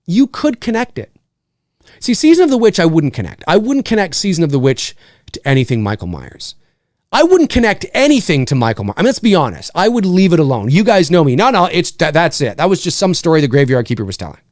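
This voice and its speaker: Animated male livestream host. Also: fairly high pitch, quick pace, no room sound, clean studio sound. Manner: animated, rambling, repeats himself. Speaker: livestream host answering viewer questions. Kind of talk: casual livestream chat.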